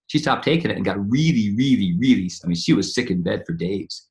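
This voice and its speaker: A man with a low, gravelly voice talks quickly in a relaxed interview. He rambles through his stories and often restarts or repeats his words as he goes. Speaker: interview guest, medical scientist. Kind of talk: casual conversational interview.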